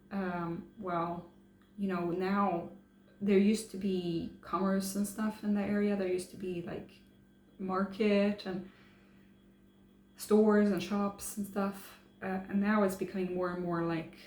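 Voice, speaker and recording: Speaking to camera in a fairly low, slightly mellow voice, a female travel vlogger chats casually but haltingly, using lots of fillers and restarting often. A faint hum and roomy echo sit under the audio.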